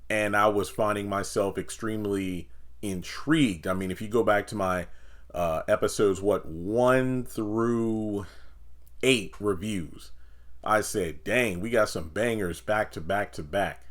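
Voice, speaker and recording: A young man casually reviewing a TV episode, acting out the characters' lines in quick, animated voices. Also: fairly low pitch. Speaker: TV review YouTuber.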